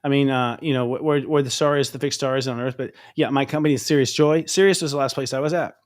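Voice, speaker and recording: A man hosting a casual interview chat, rambling and excitable, with lots of fillers and restarts. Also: mid-range voice, fast talker. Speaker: astrologer host.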